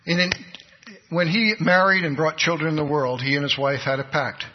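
Brief: male preacher, slightly high and husky, earnest storyteller, dull lo-fi hall recording. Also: moderate pace. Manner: earnest storytelling, voices the people in his stories. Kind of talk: sermon storytelling.

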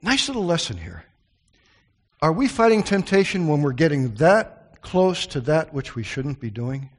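A man's voice: a little high, very animated, normal speed. Earnest male preacher with chatty asides. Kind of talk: Bible study sermon.

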